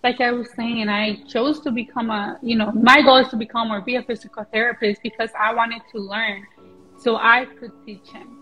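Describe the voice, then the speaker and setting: A young woman with a fairly high voice answers interview questions as a pageant contestant. She speaks earnestly and softly, often stopping to apologize, and faint music plays in the background. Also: fairly even intonation, moderate pace, highs cut off. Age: young adult. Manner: earnest, soft-spoken, apologetic.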